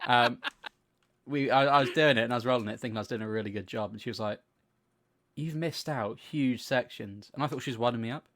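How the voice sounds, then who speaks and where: A young man co-hosting a podcast, telling long animated stories in casual chat, swearing freely and acting out what people said. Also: mid-range voice, brisk. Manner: animated storytelling, swears freely, acts out quotes. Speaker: podcast co-host.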